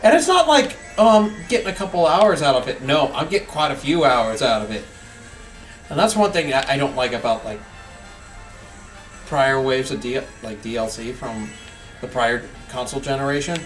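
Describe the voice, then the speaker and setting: A man's voice: mid-range voice, normal speed, fairly bright tone, far from the mic. A man hosting casual gameplay commentary, talking emphatically and jokingly, in a somewhat off-mic recording with faint game music. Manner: emphatic, ranting, jokey. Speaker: gaming channel host.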